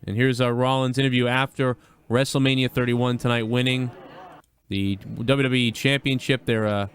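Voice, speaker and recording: A man's voice: medium pitch, little pitch movement, normal speed. A man hosting a live wrestling talk show, rambling casually with many ums and uhs.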